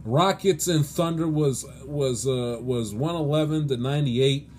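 A man's voice: a little high, a little slow, darkish tone, slight background noise. A man hosting his own sports show, ranting in a pleading, exasperated way with lots of restarts and stammers. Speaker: sports podcast host. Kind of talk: solo sports commentary rant.

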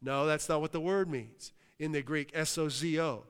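A pastor from Western Pennsylvania preaches with a smooth, resonant voice pitched a bit high for a man. He shouts hallelujah between points and keeps asking the room if it is with him. His voice rings out with a long reverb from a large hall. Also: normal speed. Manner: exclaims hallelujah, asks the crowd. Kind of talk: sermon.

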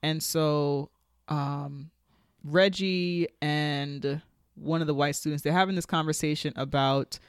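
Animated woman podcast co-host, dry sound. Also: sits low, slow pace, dry recording. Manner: animated, acts out characters' lines in quotes. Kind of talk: casual review chat.

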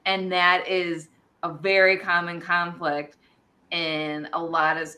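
A woman's voice: fairly low pitch, level tone, slow, bright, forceful tone. A woman co-hosting a casual podcast chat who explains her ideas analytically and eagerly. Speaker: podcast co-host.

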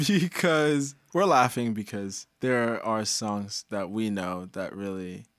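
A man co-hosting a casual chat about a song, relaxed, using lots of "like" and reading lyrics softly. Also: on the low side, slow, no room sound. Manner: relaxed, many "like" fillers, reads lyrics softly. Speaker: co-host discussing a song.

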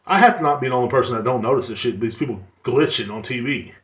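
A man's voice: medium pitch, fast talker, fairly bright tone. A young man hosting a podcast, ranting sarcastically and swearing often. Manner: swearing, sarcastic, mocks others in put-on voices. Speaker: podcast host. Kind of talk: casual ranting monologue. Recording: echoey room.

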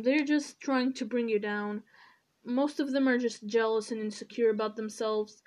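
Slow-talking indignant woman, higher voice. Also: darkish tone. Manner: indignant, outspoken, swears often. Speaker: podcast host. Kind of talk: casual solo monologue.

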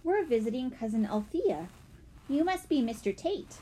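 A woman's voice: high-pitched, sing-song, normal speed, dark tone, slight background noise, voice pushed up. A woman voicing a sensible, practical older sister. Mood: explaining. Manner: practical, explaining.

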